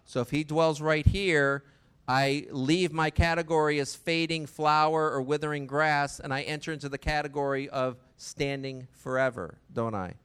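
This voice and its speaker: A man's voice: fairly high pitch, fairly even intonation, moderate pace, fairly bright tone, clean tone. A man preaching a sermon in a conversational way, often asking the listeners rhetorical questions.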